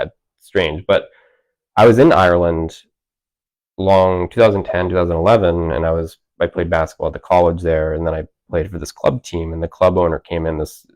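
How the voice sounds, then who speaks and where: A man's voice: low-pitched, darkish tone, low-quality recording. A man in his thirties, an author talking casually at a library event, rambling with lots of filler words and restarts. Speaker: author guest. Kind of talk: casual conversation.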